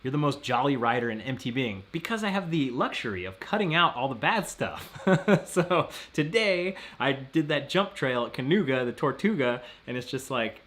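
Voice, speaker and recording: A man's voice: mid-range voice, animated, normal speed, fairly bright tone. A man hosting a casual live stream, rambling and laughing often as he reads out viewer messages.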